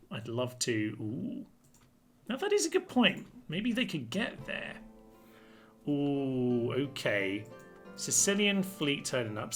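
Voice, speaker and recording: A man chats through a strategy game with cheerful, mock-grand commentary. His voice is bright and forward. Faint music plays softly beneath him. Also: medium pitch. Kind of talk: let's-play commentary.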